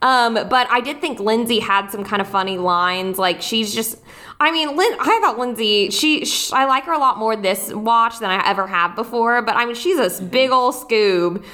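A young woman with a fairly high, pushed and bright voice co-hosts a casual rewatch podcast at a normal speed. She giggles and sounds hesitant, restarting her sentences again and again.

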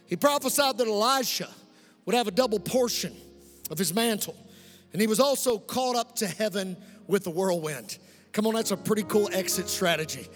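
A middle-aged man preaching with a fairly high voice, lively and joking, calling out to the congregation for amens. His voice carries a long hall reverb, with soft music faintly underneath. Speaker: pastor. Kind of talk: preaching a sermon. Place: church sanctuary.

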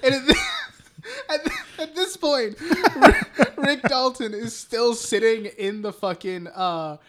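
A man's voice: very high voice, big pitch swings, takes it slowly, fairly bright tone. A man co-hosting a podcast, casually retelling a film scene by scene, swearing a lot and laughing as he goes. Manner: profane, rambling retelling with frequent laughs. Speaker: podcast co-host.

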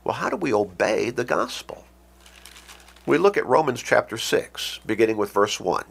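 A man preaching a radio sermon, emphatic and deliberate, quoting scripture. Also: on the low side, sing-song, gravelly, breathy edge.

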